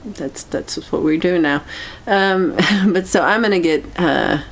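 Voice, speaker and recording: Meandering, halting woman. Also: on the low side. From United States. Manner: meandering, halting, chatty, reacts to chat comments. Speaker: livestream host. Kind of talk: casual livestream chat.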